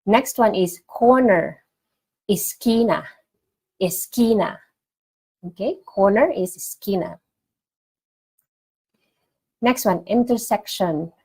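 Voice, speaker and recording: A woman teaching vocabulary in a casual online lesson, repeating each word clearly for learners. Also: medium pitch, slow, pauses often, a little mellow, rough recording. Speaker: language teacher.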